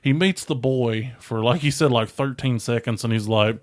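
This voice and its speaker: A man co-hosting a relaxed podcast, talking with excitement and laughing easily. His voice sits in a middle pitch. The recording is dry and close, with no room sound. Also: moderate pace, few pauses, dry recording. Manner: enthusiastic, laughs often, acts out movie lines. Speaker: podcast co-host. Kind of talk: casual chat.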